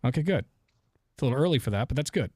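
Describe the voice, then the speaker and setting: Quick jokey guy hosting morning radio, dry close mic. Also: medium pitch, lively intonation, darkish tone, no room sound. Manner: fast, joking, laughs often. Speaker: radio show host.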